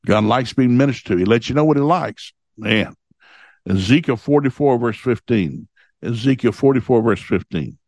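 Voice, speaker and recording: A man's voice: mid-range voice, expressive, normal speed, darkish tone, dry recording. A man hosting a short devotional, reading scripture aloud and explaining it in a folksy, repetitive way. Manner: folksy, repeats points and reads scripture aloud. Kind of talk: casual Bible teaching.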